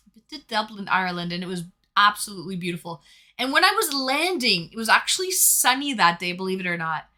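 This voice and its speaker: A woman's voice: mid-range voice, sing-song, fast talker, pushed and bright. A young woman hosting a casual live stream from home, reading chat messages aloud in a chatty, playful way. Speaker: livestream host reading chat.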